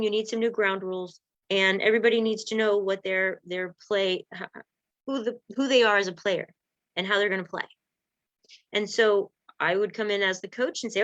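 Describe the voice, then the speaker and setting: A woman relationship coach talks to her live-stream viewers in a lively, chatty way, at a middle pitch. Her voice comes through a dull, lo-fi recording. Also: moderate pace. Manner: lively, conversational, acts out example dialogues.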